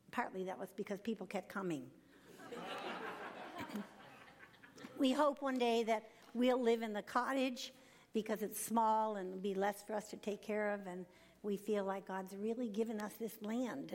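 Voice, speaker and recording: An older woman giving a devotional talk, earnest and emphatic, slowing down and sometimes dropping to a whisper. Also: medium pitch. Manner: earnest, slow and emphatic, drops to a whisper at times. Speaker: speaker.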